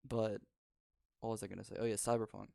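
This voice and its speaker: A man's voice: on the low side, flat delivery, quick pace, vocal fry, mellow, dry recording. A teenage boy hosting a casual podcast chat, rambling and laid-back. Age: teens. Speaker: podcast host. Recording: dry home recording over spotty internet.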